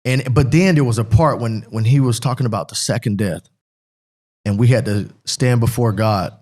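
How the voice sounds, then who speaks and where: A middle-aged man from Pennsylvania, a former football player appearing as a guest, shares an emotional personal testimony. He rambles earnestly and keeps repeating himself, in a mid-range voice that's a little mellow at a normal pace.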